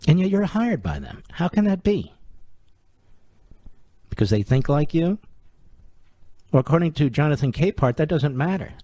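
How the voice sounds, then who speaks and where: A man's voice: mid-range voice, darkish tone, no echo. A man hosting a talk radio show, delivering an opinion monologue in a sarcastic, combative way full of rhetorical questions.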